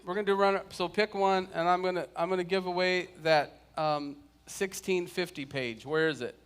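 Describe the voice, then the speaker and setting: A man's voice: sits high, fairly even intonation, brisk, smooth. Chatty male Bible class teacher. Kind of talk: casual church class teaching. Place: church classroom.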